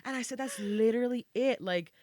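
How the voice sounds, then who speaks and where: Woman podcast host, casual chat, animated storytelling, dry close sound. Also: fairly high pitch, a little fast, no echo. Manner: animated storytelling, swearing, drops into quiet asides.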